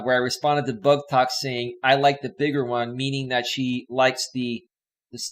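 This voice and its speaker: A man hosting a casual live stream, chatting with viewers in a rambling, upbeat way from a home green-screen setup with a desk microphone. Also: medium pitch. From Northern California. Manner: rambling, chatty, reads viewer comments aloud. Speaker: host.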